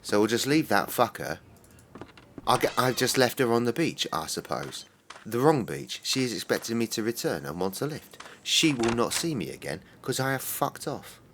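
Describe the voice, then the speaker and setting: A man's voice: medium pitch, sing-song, normal speed, a bit bright, a little hiss or hum. A man streaming a game, swearing and muttering exasperatedly at it. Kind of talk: casual game-stream commentary.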